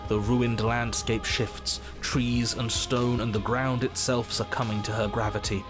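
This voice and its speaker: A man's voice: mid-range voice, flat delivery, a little slow, lightly acted. A man voicing the stern, exasperated narrator of a horror game, speaking dryly and with command. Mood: grave. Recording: game audio with loud music behind.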